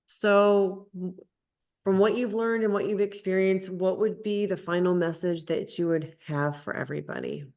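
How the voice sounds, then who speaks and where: A woman's voice: mid-range voice, steady tone, moderate pace, a little mellow. A woman hosting an interview show, asking questions and thanking her guest in an earnest, affirming way. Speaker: podcast host.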